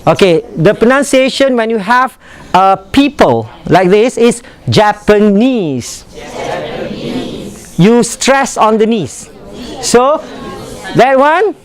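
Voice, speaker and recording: A man's voice: extremely high pitch, lively intonation, takes it slowly. A man leading a pronunciation workshop, demonstrating and repeating words for the class to drill. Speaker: workshop instructor.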